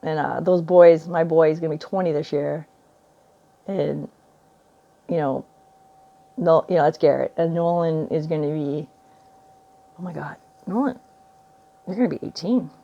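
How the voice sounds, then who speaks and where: A woman's voice: deep voice, unhurried, vocal fry, long pauses, dark tone, highs cut off. Rambling musing woman in her forties. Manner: meandering, laughs often, trails off mid-thought. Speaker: vlogger. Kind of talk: rambling spiritual musing to camera. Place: indoors at home by a window.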